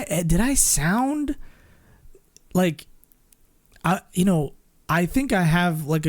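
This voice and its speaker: A man's voice: a little high, a little mellow. A man streaming and chatting casually, rambling with lots of fillers, restarts and little laughs. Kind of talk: casual chat with chat.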